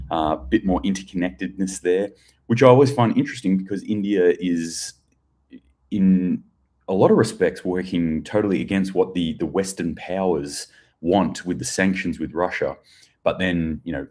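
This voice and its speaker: A man's voice: low-pitched, a little mellow. An Australian man giving casual news commentary, rambling and chatty, with crude jokes and plenty of fillers.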